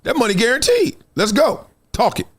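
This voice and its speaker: A man hosting a live sports talk show, animated and laughing often, dropping his voice for quoted asides. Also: extremely high pitch, moderate pace, breathy edge. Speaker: host.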